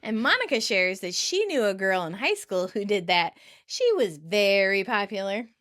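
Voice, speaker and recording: A woman's voice: medium pitch, animated, normal speed, a bit bright. A woman co-hosting a podcast, recapping a sitcom episode in casual chat and laughing often between remarks. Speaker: podcast co-host.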